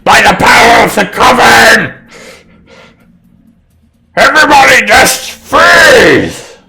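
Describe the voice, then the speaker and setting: A man's voice: sits low, animated, unhurried, vocal fry, fairly bright tone, slight background noise, heavily acted. A man voicing a furious female sea hag who screams orders. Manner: screaming commands, enraged.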